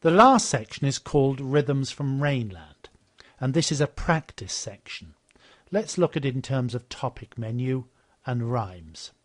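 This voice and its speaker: A man's voice: medium pitch, a little slow. Man walking through a teaching program. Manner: explanatory, steady, repeats model phrases after the clips. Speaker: software demonstrator. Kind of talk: software walkthrough narration.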